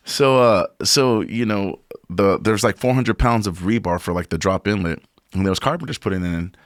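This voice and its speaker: A man's voice: fairly low pitch, moderate pace, no echo, studio quality. A man on a podcast telling a long work story in a casual, profane way, saying "bro" a lot. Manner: profane, animated, says "bro" often.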